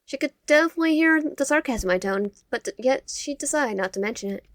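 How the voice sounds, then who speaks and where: A woman reading a dating game aloud, voicing the narration with expressive, sarcastic asides. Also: high voice, fast talker, no room sound, studio quality. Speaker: gamer.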